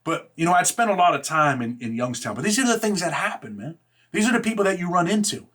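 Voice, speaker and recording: Slightly high-voiced man telling street stories. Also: big pitch swings, quick pace, fairly bright tone. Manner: rough street slang, heavy fillers like "man" and "right?"; blunt and profane. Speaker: show host telling a personal story. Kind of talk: casual spoken storytelling.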